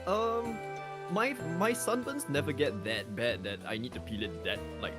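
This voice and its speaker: A man chatting casually with a streamer during a gaming session, friendly and relaxed. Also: medium pitch, normal speed, loud music behind the voice. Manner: friendly, relaxed, laughs along. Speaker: co-streamer guest. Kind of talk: casual chat while gaming.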